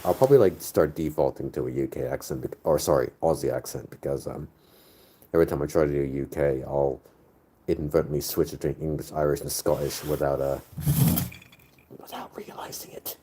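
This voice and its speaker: A man's voice: a bass voice, brisk, dark tone, a little hiss or hum. A man in his thirties chatting casually with his audience in a crude, joking, rambling way. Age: 30s. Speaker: streamer reading chat. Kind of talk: casual chat.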